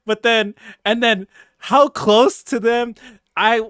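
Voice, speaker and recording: Male podcast host, high pitch, excitable storyteller, dry close mic. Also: slow, smooth, dry recording. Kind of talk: casual chat.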